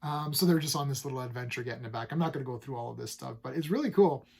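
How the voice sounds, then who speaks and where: A man's voice: mid-range voice, racing, vocal fry, darkish tone, slightly rough. Rambling, upbeat male comic book reviewer. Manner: rambling, lots of fillers and restarts; enthusiastic, paraphrases characters loosely. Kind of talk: casual comic review chat.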